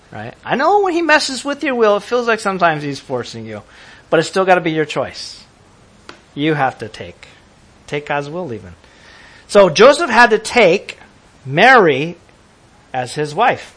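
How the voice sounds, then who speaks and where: A man preaching a sermon to a congregation, lively and laughing as he acts out how people would react. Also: a little high. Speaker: pastor.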